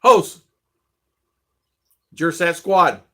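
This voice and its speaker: A man's voice: on the high side, very slow, pushed and bright. A middle-aged man hosting a casual livestream chat, greeting viewers by name in a chatty way. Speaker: livestream host.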